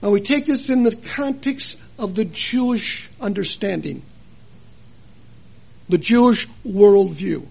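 A man preaching a sermon in a chapel, earnest and full of rhetorical questions, his loudness rising and falling for emphasis. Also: high-pitched, slow pace, creaky, slightly rough.

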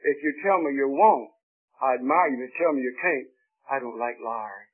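A man preaching a folksy, emphatic sermon with an American accent, swinging between loud and quiet. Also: mid-range voice, normal speed. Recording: tinny old radio broadcast.

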